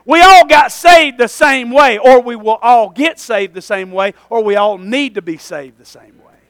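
Male pastor, very high and forceful voice, fervent sermon, folksy, calls for amen, dry close sound. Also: normal speed, smooth, no room sound.

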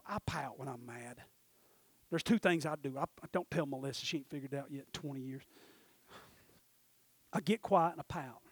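High-voiced preacher man. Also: slightly rough, dry recording. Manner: swings from quiet confiding to shouted preaching. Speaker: pastor. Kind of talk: sermon.

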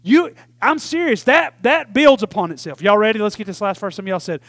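Male pastor, high-pitched, lively sermon delivery, dry recording. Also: fairly quick, few pauses, no room sound. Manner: animated preaching, swings from loud to hushed, talks to congregation. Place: church.

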